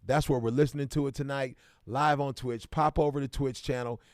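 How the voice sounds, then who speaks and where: A Midwestern man chats loosely on a livestream at an average pitch, calling out viewers by name and jumping into hyped greetings. His voice sounds close and dry, with no room echo. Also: steady tone, fairly quick. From Kansas City, American Midwest. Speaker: livestream host. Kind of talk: casual livestream chat.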